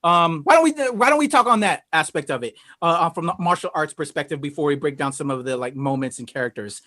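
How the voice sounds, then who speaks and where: Chatty high-voiced male podcast host. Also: lively intonation, fast, bright, forceful tone, no room sound, studio quality. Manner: laughs often, loose and chatty with many fillers. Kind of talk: casual review chat.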